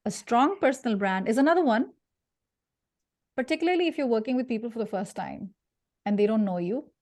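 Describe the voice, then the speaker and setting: A woman from India leading an interactive career workshop, lively and jokey, putting questions to her audience. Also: on the high side, a little fast. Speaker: career speaker.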